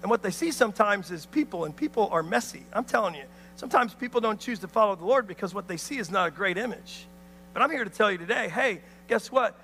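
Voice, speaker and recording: A man preaching a sermon, an animated storyteller who acts out voices and calls out to the crowd. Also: sits high, quick pace, in a large hall, a little hiss or hum. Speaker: pastor.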